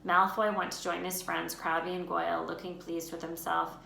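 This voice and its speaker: A woman teacher reading a children's book aloud in an expressive storytelling voice. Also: on the low side, moderate pace, gravelly. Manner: expressive, lifts her voice for names and shouts. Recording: roomy room echo, faint noise.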